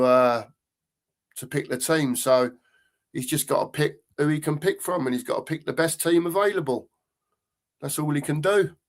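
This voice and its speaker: Older man, live-stream host; rambling, repetitive, chatty delivery. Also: medium pitch. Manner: rambling, repeats phrases, chatty. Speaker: fan channel host reading live comments. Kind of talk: casual live-stream chat.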